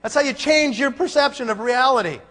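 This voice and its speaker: An extremely high-pitched man with a sharp tone talks briskly at a conference. He gives an emphatic motivational talk, hitting the crowd with rhetorical questions, and his voice echoes in long hall reverb.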